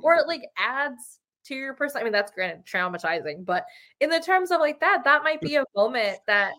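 A woman guesting on a podcast, chatting in an animated, giggly way with lots of "like". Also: high voice, moderate pace. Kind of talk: casual chat.

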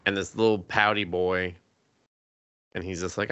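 A man co-hosting an anime podcast in loose, profane chat, slipping into quoted character voices as he recaps. His voice sits low with a gravelly fry. The tone is bright and forward. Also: little pitch movement, moderate pace, no echo. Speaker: podcast host. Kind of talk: casual anime review chat.

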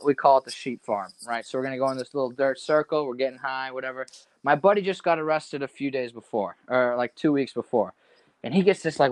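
A young adult man casually telling a wild story, animated and slangy, saying "dude" a lot. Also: a little high, dry recording.

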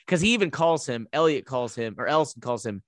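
A man casually recapping a horror movie plot as a podcast co-host, telling it with lively asides. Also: mid-range voice, fast talker, dry recording, studio quality.

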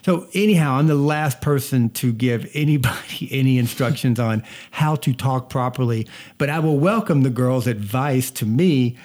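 A man's voice: mid-range voice, moderate pace, few pauses, darkish tone. A man with a mixed Southern US accent from North Georgia, chatting casually as a family vlogger and telling stories with a slight stutter. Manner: talkative storyteller, repeats words, slight stutter. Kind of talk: casual chat.

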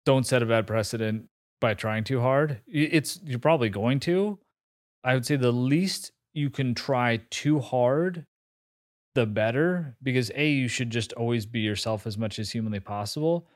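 A man's voice: medium pitch, moderate pace, no echo. Candid man in his forties, dry close sound. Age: 40s. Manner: candid, swears freely, laughs at himself, many fillers and restarts. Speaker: interview guest. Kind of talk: casual interview storytelling.

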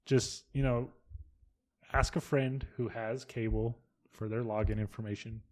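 A man co-hosting a casual podcast, talking loosely and excitably with frequent swearing. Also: medium pitch, a little slow. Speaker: podcast co-host.

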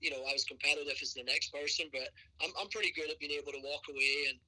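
A man in middle age with a mild Scottish accent, coaching college soccer and chatting on a podcast. His voice is very bright and sits a little high. He rambles easily, scattering "you know" through his answers. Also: fairly even intonation, fast, low-quality recording. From Scotland. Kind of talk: podcast interview.

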